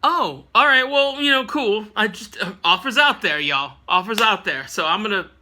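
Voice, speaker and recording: Man playing a casual bossy old professor, higher voice, sharp tone. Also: expressive, normal speed, heavily acted. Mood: offhand.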